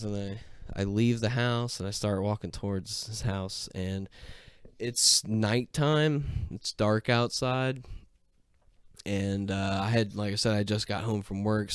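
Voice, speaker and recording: A young man with a lowish, smooth, clear voice recounts a story in a loose, rambling way. He swears constantly and makes fun of his own past self. The sound is dry and close, with no room around it. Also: no echo. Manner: profane, self-mocking, rambling. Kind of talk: casual storytelling.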